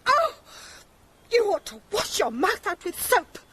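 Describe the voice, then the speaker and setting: A woman playing a sharp-tongued, quarrelsome wife in a radio drama, mocking and quick with retorts. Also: extremely high pitch, wildly swooping pitch, heavily acted. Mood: bickering. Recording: clear background noise.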